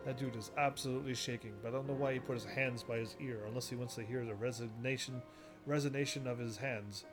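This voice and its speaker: A man casually commentating while he plays a game, rambling and quick to laugh at it, with game music behind him. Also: mid-range voice, fairly even intonation. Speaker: gaming video host. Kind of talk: casual let's-play commentary.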